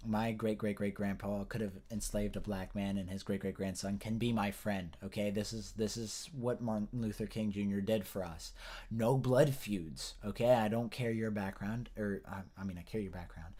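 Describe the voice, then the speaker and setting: A man's voice: fairly low pitch, warm tone. A man giving a casual news commentary rant, rambling and profane with frequent restarts. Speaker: political commentator.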